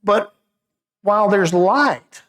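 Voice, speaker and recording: A man leading a Wednesday evening Bible study in a church, talking in a conversational way with frequent stammered restarts and a voice that drops low when he turns reflective. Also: slow pace, fairly bright tone.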